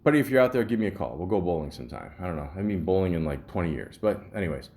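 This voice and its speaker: A man's voice: low-pitched, expressive, rapid-fire, a little mellow. A Canadian man hosting a podcast, telling stories in a rambling, casual monologue with many ums and restarts. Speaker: podcast host.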